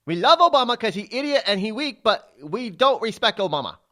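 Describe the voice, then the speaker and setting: A man's voice: high-pitched, sing-song, brisk, sharp tone, voice pushed up, heavily acted. A man voicing a blunt, scornful male Chinese official in an exaggerated Chinese accent, speaking in broken, clipped phrases. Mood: mocking.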